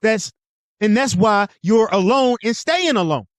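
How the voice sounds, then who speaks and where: A man's voice: high-pitched, animated, a little slow, no room sound, studio quality. A young adult man hosting his own show, lecturing in a blunt, profane, casual way. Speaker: host. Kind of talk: casual monologue.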